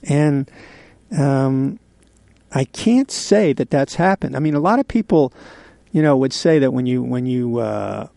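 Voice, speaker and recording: A man in his sixties hosting a radio show, telling a candid personal story in a halting way with many pauses and fillers. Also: medium pitch, animated, gravelly, mellow, no room sound. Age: 60s. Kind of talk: confessional radio monologue.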